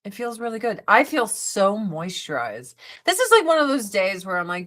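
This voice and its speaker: A woman's voice: medium pitch, sing-song, moderate pace, a bit bright. A woman livestream host in casual chat while doing her makeup, talking bluntly with heavy swearing. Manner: blunt, profane, ranting.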